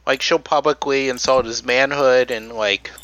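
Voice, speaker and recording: A man's voice: mid-range voice, fairly even intonation, normal speed, fairly bright tone, no room sound. A man casually telling a history story on a podcast, full of fillers like "um" and "like". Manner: rambling storyteller, many fillers. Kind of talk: casual chat.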